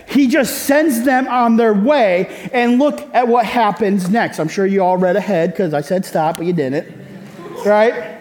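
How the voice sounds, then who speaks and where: A man's voice: very high voice, darkish tone, in a large hall. A male pastor preaching a sermon in a conversational way, often tossing rhetorical questions to the congregation.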